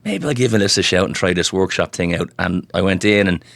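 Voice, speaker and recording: Deep fast-talking Irish man. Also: gravelly, fairly bright tone, no room sound. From Ireland. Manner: rambling anecdotes with many restarts and "you know". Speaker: guest comedian. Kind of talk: casual storytelling.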